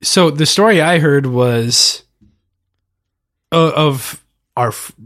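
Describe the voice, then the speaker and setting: A young man co-hosting a podcast, relaxed and casual, giving short agreeing replies and quick corrections. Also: a little high, no echo, studio quality. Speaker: podcast co-host. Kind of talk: casual film discussion.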